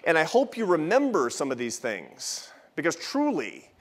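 His pitch swoops wildly in a voice that's a little high, at a moderate pace. He's a think-tank president in his fifties giving a keynote at a festival in a large event hall with an audience, sharing a personal story with wry asides.

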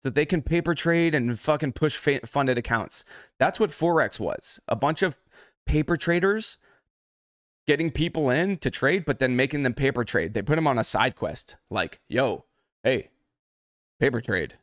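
A man's voice: fairly high pitch, animated, moderate pace, fairly bright tone, no echo, studio quality. A man working as a trading mentor, ranting angrily and swearing heavily on a livestream. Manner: angry, heavily profane. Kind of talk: livestream rant.

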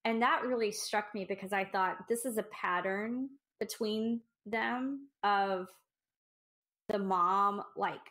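A woman's voice: mid-range voice, slow pace, fairly bright tone. Reflective woman co-hosting a book podcast. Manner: reflective, thinking aloud with restarts. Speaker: podcast co-host. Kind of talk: casual book discussion.

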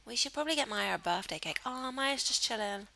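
A woman's voice: fairly high pitch, animated, a little fast, vocal fry, bright, forceful tone, rough recording. A woman chatting casually over a life-simulation game, cooing affectionately at her characters. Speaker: gaming channel host. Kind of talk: casual gameplay commentary.

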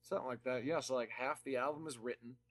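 A man who plays in a band, a guest on a podcast, talking in a casual, animated way with frequent laughs. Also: medium pitch, no echo. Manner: animated, laughing, quick asides.

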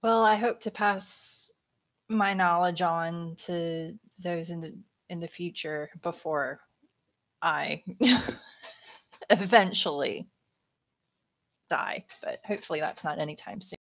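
A woman's voice: lowish voice, takes it slowly, long pauses, a bit bright. A woman playing a tabletop role-play game, answering in character in a hesitant manner. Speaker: player.

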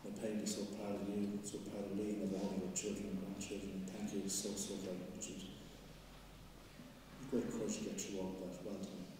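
Quiet flat-voiced priest in echoey church. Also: male voice, low-pitched. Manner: quiet, measured, consoling. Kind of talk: brief words at a funeral Mass. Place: large church. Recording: echoey church, voice from far off, noisy.

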